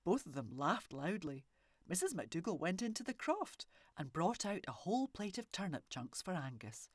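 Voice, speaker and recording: A woman reading a children's story aloud with expressive, animated delivery and soft whispery asides. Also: on the low side, moderate pace, no room sound, studio quality. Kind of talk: storybook narration.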